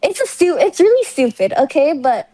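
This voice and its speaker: A woman's voice: high voice, sing-song, moderate pace, warm tone, no echo. A young woman co-hosting a casual podcast as the younger sister, rambling through a story with hesitant fillers. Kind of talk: casual chat.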